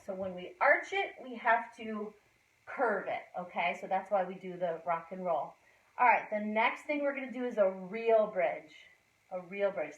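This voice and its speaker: Her medium-pitched, slightly bright voice comes through lo-fi and distant, bouncing around an echoey indoor gym. She's a gymnastics instructor showing moves to a children's class and calling out encouraging cues in a sing-song way.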